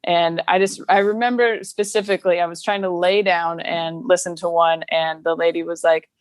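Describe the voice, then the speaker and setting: A woman's voice: fairly low pitch, normal speed, no echo. A woman comedian chatting as a podcast guest, telling stories with frequent laughter. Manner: laughs often, animated storytelling. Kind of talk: casual podcast chat.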